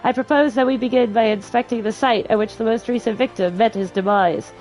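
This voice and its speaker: A self-important gentleman inspector full of flowery, grandiose speech, put on by a woman reading game lines aloud. The voice sits a little lower than her usual higher register, with soft music faint in the background. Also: brisk, close to an everyday voice, rough recording. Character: pompous gentleman male detective, theatrical.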